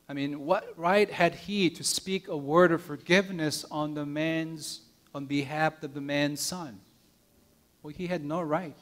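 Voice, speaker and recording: Preaching in a somewhat high voice, a pastor recounts a story with earnest gentleness, his phrases frequently sinking to a hushed softness. He restarts slightly now and then and repeats words.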